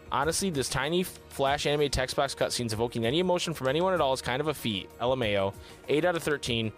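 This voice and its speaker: A man co-hosting a casual gaming podcast, reading viewer comments aloud and riffing on them. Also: mid-range voice. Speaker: podcast co-host reading chat.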